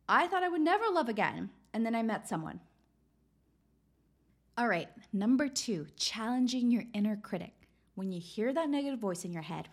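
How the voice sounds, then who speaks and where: A woman hosting a casual self-help podcast, talking in an encouraging way and often checking in with "right?". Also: mid-range voice. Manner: encouraging, peppered with "right?" tag questions. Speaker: podcast host.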